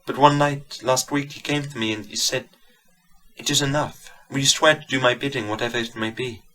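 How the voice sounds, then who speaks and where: Brief: a man playing a devoted little Italian organist woman, soft and breathy, light bright voice. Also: medium pitch, steady tone, brisk, pitched above the performer's own voice, natural voice, poor audio. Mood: soft wistful. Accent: put-on Italian accent. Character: young foreign woman organist, small, lonely, devoted.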